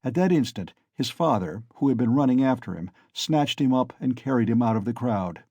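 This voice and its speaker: A male narrator reads a classic novel aloud in a measured, steady voice of middle pitch. The recording is dry and close, with no room echo. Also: husky. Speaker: audiobook narrator.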